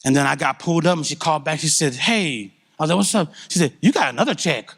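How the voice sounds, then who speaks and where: Middle-aged man, slightly high voice, candid and animated church testimony. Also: quick pace, slightly rough. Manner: candid, conversational, animated storytelling. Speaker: church speaker giving testimony.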